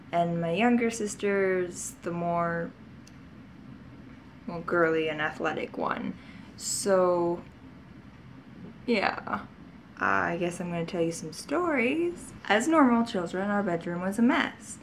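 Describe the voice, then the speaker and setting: A woman's voice: on the low side, lively intonation, takes it slowly, a little hiss or hum. Giggly, rambling woman vlogger. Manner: rambling, giggly, full of asides and laughs. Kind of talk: casual storytelling to camera.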